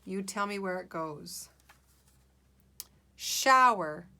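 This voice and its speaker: A woman teacher giving a guided reading lesson to young children, slow, clear and encouraging. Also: medium pitch, expressive, bright, forceful tone.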